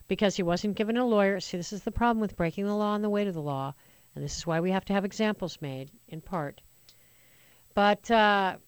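A woman hosts a radio call-in show alone, riffing through the news in a chatty, opinionated monologue. Her voice is smooth and clear, recorded dry and close in a studio with no room sound. She is indignant and sarcastic in turn, with a middle-pitched tone. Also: no echo. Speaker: radio talk show host.

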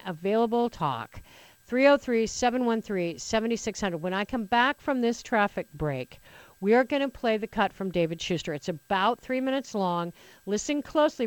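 A woman's voice: mid-range voice, no room sound. A woman hosting a political talk radio show, sarcastic and opinionated, rambling with frequent restarts into a studio microphone.

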